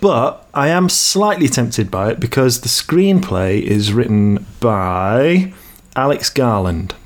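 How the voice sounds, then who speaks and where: Dry, measured man co-hosting a podcast. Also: medium pitch, very animated. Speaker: podcast co-host. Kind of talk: casual chat.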